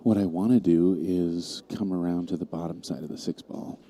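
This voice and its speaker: A man's voice: deep voice, steady tone, moderate pace, creaky, warm tone, slight background noise. A man giving casual live commentary on a pool match, talking steadily through the shot choices.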